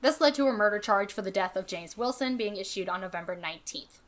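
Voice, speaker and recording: A woman's voice: medium pitch, lively intonation, fast talker, a bit bright. A woman co-hosts a casual podcast and tells a history story in a chatty, easygoing way. Her talk is full of fillers and asides. She reads quoted passages aloud in the same voice. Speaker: podcast co-host.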